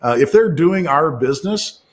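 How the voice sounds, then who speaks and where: A man's voice: on the high side, lively intonation, moderate pace. Talkative man commenting on politics. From Indiana. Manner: talkative, with frequent fillers and restarts. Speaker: guest commentator. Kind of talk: casual political talk.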